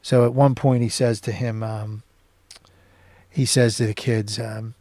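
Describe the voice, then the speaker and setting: A man's voice: mid-range voice, flat delivery, a little slow, dark tone, no echo. A man hosting his own show, casually recapping a film scene by scene, with many ums and uhs. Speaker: show host.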